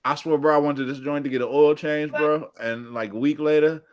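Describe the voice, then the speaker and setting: A man's voice: fairly high pitch, steady tone, brisk, highs cut off, crowd noise. A man on a casual sports podcast panel, rambling through joking conspiracy talk.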